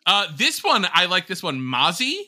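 A man's voice: high-pitched, huge pitch swings, moderate pace, crowd noise. A man playfully running a quiz round on a podcast, rambling a little. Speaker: quizmaster. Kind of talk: casual chat.

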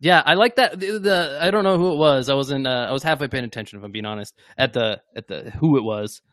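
A young man co-hosting a casual sports chat, cracking deadpan jokes. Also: mid-range voice, fast talker, dry recording, studio quality. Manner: joking, deadpan asides. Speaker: co-host.

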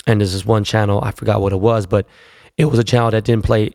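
Gravelly, profane man telling a story. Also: fairly low pitch, flat delivery, fast talker, a little mellow, no room sound, clean studio sound. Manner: profane, slangy, rambling. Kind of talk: casual storytelling.

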